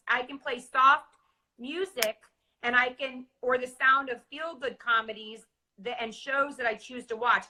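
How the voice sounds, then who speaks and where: A woman's voice: fairly high pitch, sharp tone, poor audio. A woman co-hosting a casual coaching chat, affirming and explaining ideas through worked examples. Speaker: co-host.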